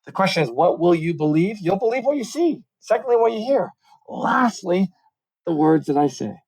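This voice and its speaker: The communications coach, a middle-aged man, sounds high-pitched with vocal fry and a breathy edge, speaking at normal speed through poor audio. As a guest in a conversational podcast interview on video call, he is animated, explains at length, and runs himself down in jest.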